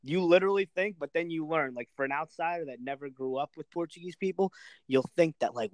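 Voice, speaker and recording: A man's voice: medium pitch, fast talker, no room sound. A young man co-hosting a podcast in casual, profane banter, ranting and mocking with frequent laughter. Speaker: podcast co-host.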